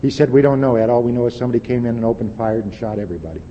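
A man in his fifties sharing a personal testimony at a recovery meeting, earnest and folksy, dropping to a quiet intensity at times. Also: medium pitch, racing. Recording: dull lo-fi hall recording with faint hiss.

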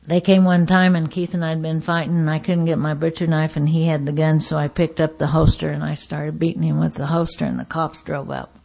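A woman sharing her personal recovery story at a meeting, acting out the voices of the people in it and swinging between loud outbursts and hushed asides. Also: low-pitched, little pitch movement, brisk, vocal fry, hardly any pauses, slight background noise.

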